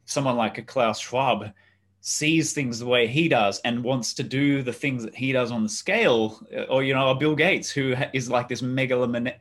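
A man's voice: medium pitch, a bit bright. A man hosting a casual podcast conversation, earnest and agreeable, with frequent ums and restarts. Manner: earnest, agreeable, hesitant fillers.

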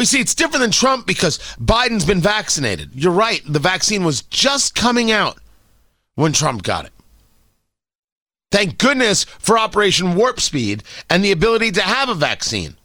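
A man's voice: high-pitched, sing-song, normal speed, sharp tone, no echo, clean studio sound. A man hosting an opinion commentary monologue, sardonic and opinionated, firing off emphatic rhetorical questions. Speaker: commentary show host.

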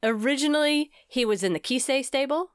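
A woman co-hosting a podcast in casual chat, animated and chatty, often ending her sentences with "okay?". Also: high-pitched, brisk, smooth, no room sound, clean studio sound. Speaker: podcast co-host.

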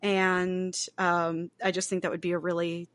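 A woman's voice: fairly low pitch, flat delivery, a little slow, a bit bright, no room sound. A woman co-hosting a podcast in casual chat, talking freely with lots of fillers and the odd swear. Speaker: podcast co-host. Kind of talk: casual chat about a film.

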